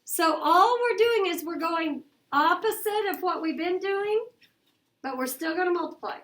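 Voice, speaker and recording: A middle-aged woman teaching a math lesson to her class, brisk and coaxing, asking questions as she goes. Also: extremely high pitch, expressive, a bit bright. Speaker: elementary school teacher.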